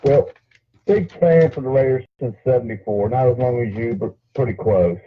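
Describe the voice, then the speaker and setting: A man's voice: medium pitch, moderate pace, breathy edge. Older man calling in on a tinny phone line. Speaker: caller.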